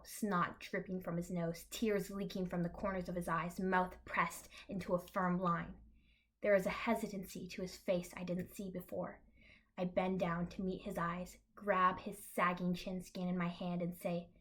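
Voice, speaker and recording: A young woman reading her own comic fan fiction aloud, deadpan, breaking off with dry asides. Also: fairly low pitch, moderate pace. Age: young adult.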